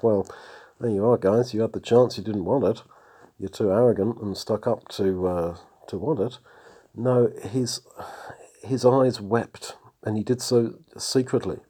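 A man's voice: fairly low pitch, mellow, breathy edge. A man preaching, reading Bible passages aloud and commenting on them, sometimes dropping to a whisper.

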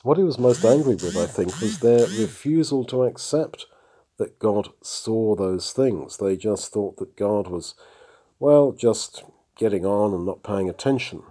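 Soft-spoken man reading scripture. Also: fairly low pitch, lively intonation, unhurried. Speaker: preacher. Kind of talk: Bible reading and sermon commentary.

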